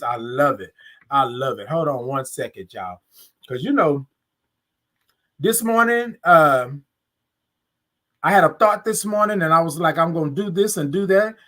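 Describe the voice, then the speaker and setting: A man's voice: a little high, pushed and bright. Upbeat Southern man hosting a live stream. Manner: upbeat, greets viewers by name, drawn-out sung good mornings. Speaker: live show host. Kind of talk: casual live-stream chat.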